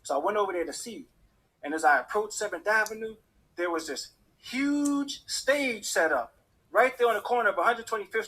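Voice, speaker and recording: Brief: male storyteller, high and husky, lively swings in pitch. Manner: animated, acts out the voices of people in his story. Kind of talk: personal story told to an audience.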